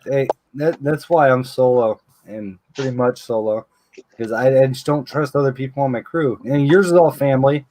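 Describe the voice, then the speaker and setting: A man's voice: medium pitch, moderate pace, slight background noise, poor audio. A man casually telling a long story, acting out the people he quotes and swearing now and then. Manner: animated storyteller who acts out quoted dialogue, swears casually.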